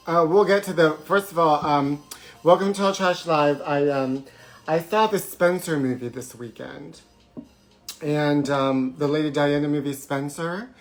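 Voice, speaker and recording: A man hosting a live show, talking in a theatrical, gossipy way and jumping from topic to topic. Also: on the high side. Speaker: host of a live trash-talk show. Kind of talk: campy live-stream monologue. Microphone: forgot to put on his microphone.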